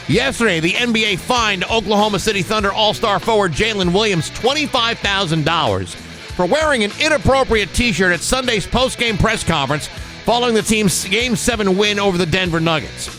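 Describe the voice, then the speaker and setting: Male radio host, wry mock-formal tone, slightly high, music bed clearly audible. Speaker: radio morning show host. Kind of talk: casual radio banter and mock-pompous sports commentary. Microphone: studio microphone.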